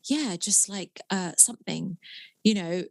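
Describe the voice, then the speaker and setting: A woman's voice: mid-range voice, unhurried, vocal fry, no room sound. A woman comedian, chatting animatedly at home as a podcast guest. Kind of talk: casual podcast conversation.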